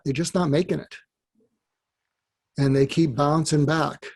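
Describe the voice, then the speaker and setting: A man, a psychiatrist guest on an interview, giving advice in animated storytelling that acts out dialogue. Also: medium pitch.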